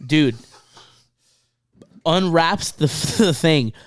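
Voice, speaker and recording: A man telling a tour story in casual podcast chat, excited, swearing often, repeating himself and laughing mid-sentence. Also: on the high side, extremely slow, dry recording, studio quality.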